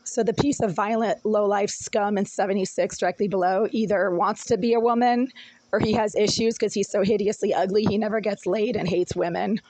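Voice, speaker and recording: A woman in her apartment with a rough, smoker-like voice, ranting indignantly and repeating her accusations into a phone. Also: mid-range voice, steady tone, brisk, darkish tone, no echo, rough recording. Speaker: tenant recording a complaint. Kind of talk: angry recorded rant and voicemail. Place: small apartment indoors.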